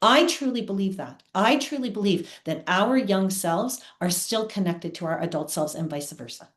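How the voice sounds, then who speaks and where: A woman's voice: medium pitch, expressive, moderate pace. A woman guest on an interview show, telling personal stories in an earnest, heartfelt way. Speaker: guest, theatre producer. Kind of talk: candid personal storytelling. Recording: roomy echo.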